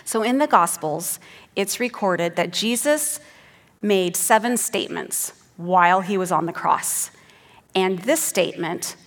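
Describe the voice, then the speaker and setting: A woman's voice: on the low side, unhurried, big-room sound. A woman giving an earnest sermon who teaches the passage and reads scripture aloud with rising emphasis. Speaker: preacher.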